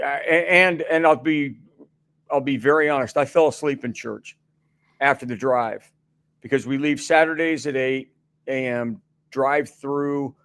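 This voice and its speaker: A man's voice: medium pitch, fairly bright tone, no echo. A middle-aged man as a guest on a sports radio show, chatting casually and rambling with many restarts and fillers.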